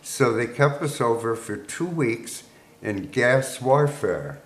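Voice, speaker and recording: Slow-spoken man in his eighties. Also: mid-range voice, animated. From United States. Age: 80s. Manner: unhurried storytelling with chuckles. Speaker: veteran guest. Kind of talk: recounting wartime memories. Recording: echoey room with faint noise.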